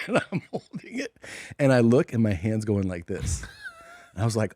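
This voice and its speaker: A man from Minnesota co-hosting a podcast, telling a childhood story in an excitable, laughing, profane way. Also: normal speed, dry recording, studio quality. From Minnesota, USA. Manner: excitable, laughs often, jumps high in pitch when amused. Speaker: podcast co-host. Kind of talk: casual comedic storytelling.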